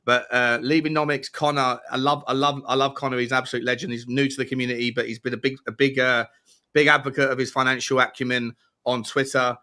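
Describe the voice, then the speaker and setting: A young man hosting a livestream, energetic and rambling with restarts. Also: medium pitch, fast talker. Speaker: livestream host. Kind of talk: casual livestream chat.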